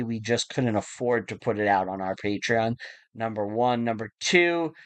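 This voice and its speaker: A male podcast host answering listener questions in a relaxed, casual way, with frequent ums and uhs. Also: mid-range voice, smooth, no room sound.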